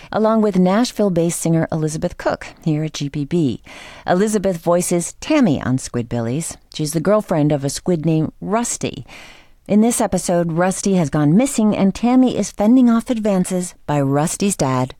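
Woman, radio host, measured scripted read, dry close mic. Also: on the low side, mellow, no room sound. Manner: smooth, measured delivery.

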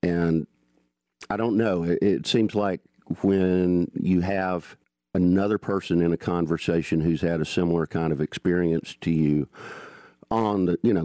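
A low-pitched man in his sixties with a Southern accent hosts a relaxed podcast interview, folksy and playful. His voice sits close and dry, with no room sound around it. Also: no room sound. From North Georgia, US. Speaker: podcast host. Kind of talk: conversational interview.

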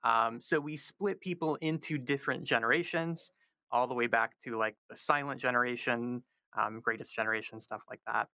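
Bright-voiced man explaining research. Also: medium pitch, fairly even intonation, moderate pace, no echo. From North Carolina. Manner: frequent ums, careful explaining. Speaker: linguistics professor guest. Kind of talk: explanatory interview answers.

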